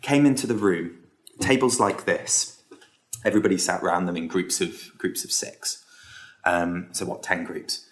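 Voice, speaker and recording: Low-voiced man, rambling storyteller. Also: steady tone, unhurried. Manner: rambling, hesitant, with many ums and restarts. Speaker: entrepreneur guest. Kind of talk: casual storytelling in a podcast interview.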